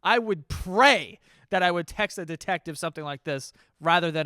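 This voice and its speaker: A man's voice: fairly high pitch, expressive, a little fast, bright, forceful tone, no room sound. A man in his thirties reading texts aloud and reacting with incredulous, swearing comedy commentary. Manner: incredulous, laughing, swears freely.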